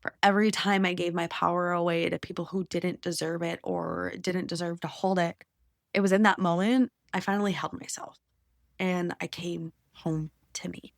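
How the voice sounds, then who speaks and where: A young adult woman hosting a podcast, telling a deeply personal story in an intimate, emotional way that sometimes drops to a whisper. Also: little pitch movement, brisk, vocal fry, dry recording, clean studio sound. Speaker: podcast host.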